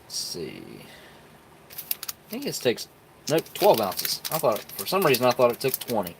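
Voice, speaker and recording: Brief: male stream host, mid-pitched, relaxed folksy chatter, talks straight to viewers. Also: unhurried, background noise. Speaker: live stream host reviewing military rations. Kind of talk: casual live-stream chat.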